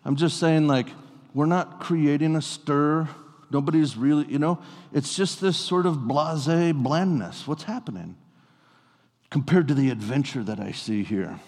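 A man preaching a sermon in a relaxed, conversational way, telling stories with playful asides to his congregation. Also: a little high, a little slow. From US Pacific Northwest. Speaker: pastor. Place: church sanctuary. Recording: long reverb of a church hall.

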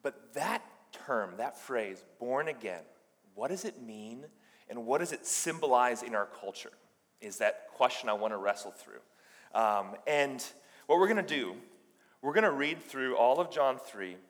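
A man's voice: mid-range voice, expressive, unhurried. A male pastor giving a sermon, telling a story conversationally and often restarting his sentences. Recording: long reverb in a large hall.

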